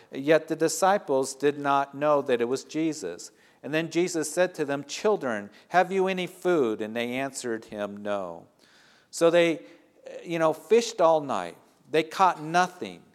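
A middle-aged male pastor preaching a sermon in a conversational way, building to rising emphasis at key points. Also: mid-range voice.

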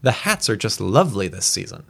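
A man's voice: on the low side, sing-song, fairly quick, creaky, a bit bright, breathy edge, exaggerated voice. A man voicing a chatty, naive wealthy wife in a read-aloud story. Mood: breezy. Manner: light, breathless, naive tone.

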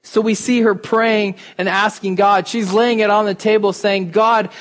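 A man's voice: high voice, flat delivery, normal speed. A man, a pastor, giving an informal, conversational sermon and talking straight to his congregation in a church. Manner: informal, talks to the congregation directly. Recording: reverberant hall.

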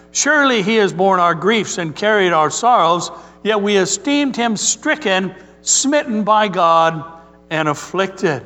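Pastor, male, high voice, earnest measured sermon delivery, hall reverb. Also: a bit bright. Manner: storytelling, earnest and measured preaching.

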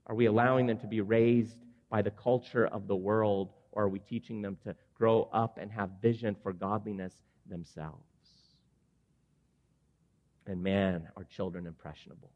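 A man in his forties preaching an earnest sermon to men, rising at times to loud, emphatic passages. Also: on the low side, steady tone, normal speed. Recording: dull sound with long hall reverb.

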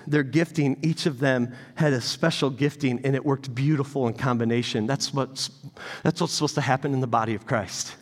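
A man preaching a sermon as pastor, animated, moving between loud emphatic bursts and quiet, intimate storytelling. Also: mid-range voice. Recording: long hall reverb.

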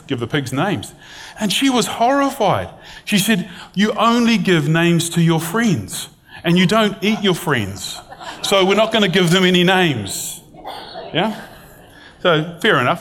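Middle-aged guy preaching, chatty storyteller, mid-pitched voice, reads scripture out loud. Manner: conversational storytelling, reading scripture aloud. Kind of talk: sermon.

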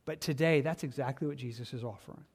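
A man preaching a sermon as pastor, impassioned, repeating phrases and swinging from loud emphasis to quiet asides. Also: mid-range voice, fast talker, breathy edge. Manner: impassioned, rises and drops sharply for emphasis.

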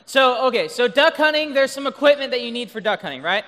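Youth speaker, male, high and bright voice, playful, keeps asking "right?", long hall reverb. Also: lively intonation, fast. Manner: playful, keeps checking in with the audience. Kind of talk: youth talk with duck call demos. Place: large room full of high schoolers.

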